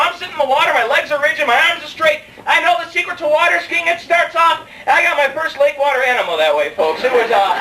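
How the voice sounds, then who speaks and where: A man's voice: very high-pitched, sharp tone, a little hiss or hum. A young man performing a rambling, self-mocking stand-up comedy set, joking with the crowd in a club. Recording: distant mic in a live club, faint room ambience.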